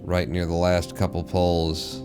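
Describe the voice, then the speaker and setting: A man's voice: deep voice, monotone, unhurried, music in the background. A man streaming a game, rambling and swearing casually to himself as he plays. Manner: rambling, profane, mumbling to himself. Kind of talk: casual live-stream gameplay chatter.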